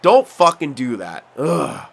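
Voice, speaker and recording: A young man giving frustrated, excitable play-by-play commentary while playing a video game, swearing often. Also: a little high, slow pace, vocal fry, slightly rough. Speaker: gaming commentator.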